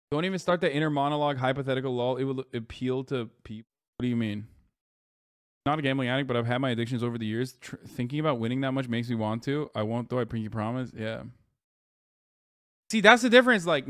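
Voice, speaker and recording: A man's voice: mid-range voice, no room sound, clean studio sound. A man in his thirties commenting on a video during a live stream, reading chat aloud and ranting with heavy swearing. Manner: reads viewer chat aloud.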